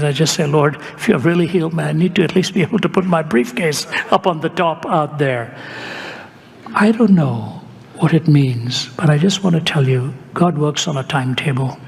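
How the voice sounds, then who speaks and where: A man's voice: on the high side, vocal fry. An older man preaching a sermon, telling a personal story in a conversational way with light humor. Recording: echoey hall, faint ambience.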